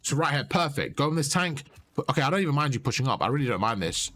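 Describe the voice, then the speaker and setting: A man's voice: mid-range voice, sing-song, fast, a bit bright, slight background noise. Man coaching over gameplay footage. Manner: instructive, repeats key points, asks "you see?".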